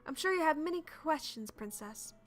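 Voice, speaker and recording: A woman voicing a gentle female fairy who speaks softly and reassuringly in a game playthrough. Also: sits high, expressive, normal speed, pitched above the performer's own voice.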